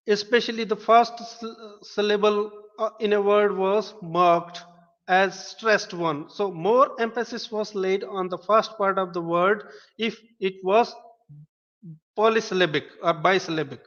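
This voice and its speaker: Male webinar lecturer, high voice, patient step-by-step explainer who spells words aloud; reverberant hall sound. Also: fairly bright tone. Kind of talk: online linguistics lecture. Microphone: webinar stream. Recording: dull lo-fi audio with long reverb.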